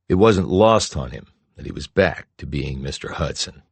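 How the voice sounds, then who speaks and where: A man reading an audiobook as narrator, with a steady, low-key delivery. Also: normal speed, gravelly, few pauses, breathy edge, no room sound. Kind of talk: scripted narration.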